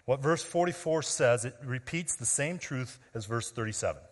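A man preaching a sermon, emphatic and full of rhetorical questions, swinging between loud declarations and quiet, drawn-out words. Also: medium pitch, expressive. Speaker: pastor. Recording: long reverb of a large hall.

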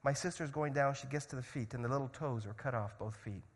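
A man preaching a sermon as a missionary, swinging from loud urgency to hushed storytelling. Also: mid-range voice, fast, husky, big-room sound. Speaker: missionary speaker.

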